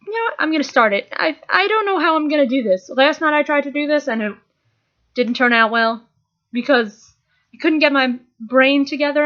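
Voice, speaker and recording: Young woman, high voice, chatty rambling review, frequent restarts, muffled lo-fi sound. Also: a bit bright. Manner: rambling, restarts often, enthusiastic. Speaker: movie reviewer. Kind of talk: casual spoken film review.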